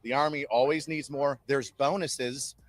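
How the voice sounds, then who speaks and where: A man in his thirties, an army drill sergeant, telling lively stories in an interview with an upbeat recruiting pitch. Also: unhurried. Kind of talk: interview storytelling.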